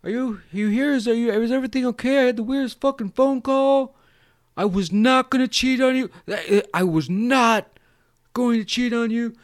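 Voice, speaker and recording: A man putting on a high, frantic voice for a desperate man begging for help. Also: normal speed. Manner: squeaky, breathless, pleading.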